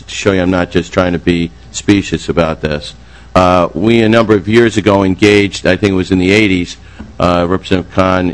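Low-voiced older man testifying, rambling. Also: rough recording. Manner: rambling, heavy uh fillers, formal address. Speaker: witness before a committee. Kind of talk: committee hearing testimony. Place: legislative committee room.

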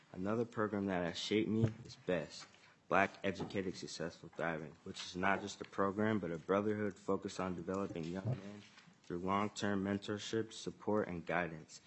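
A man's voice: low voice, a little hiss or hum. A teenage boy, earnestly reading prepared testimony at a legislative hearing. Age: teens. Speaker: student testifier.

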